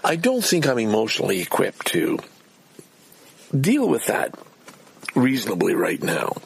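A middle-aged man hosting a solo podcast, ranting excitably and then poking fun at himself. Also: on the low side, measured pace, vocal fry, husky. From Canada. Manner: excitable, ranting, self-deprecating.

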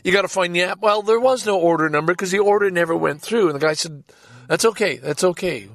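A man's voice: sits high, quick pace, no room sound. An older man telling a rambling, profane story from his parked car, stammering and exasperated. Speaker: podcast host. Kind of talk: rambling personal anecdote.

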